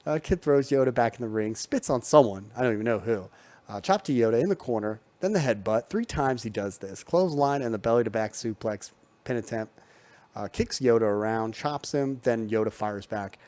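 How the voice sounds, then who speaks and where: A man's voice: mid-range voice, animated, brisk, warm tone, no room sound. Casual man recapping wrestling matches. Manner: loose, filler-heavy recap with frequent ums and restarts. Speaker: wrestling show reviewer.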